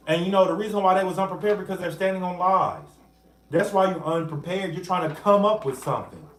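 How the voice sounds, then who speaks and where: Male livestream host, slightly high voice, roomy echo, animated chatty delivery. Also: brisk. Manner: animated, greets viewers by name mid-sentence. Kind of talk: casual livestream talk.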